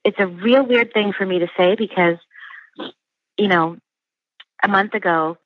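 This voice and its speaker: A woman's voice: mid-range voice, measured pace, no echo, dull audio. A pregnant woman being interviewed over a call while in labor, talking casually between contractions. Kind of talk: casual chat.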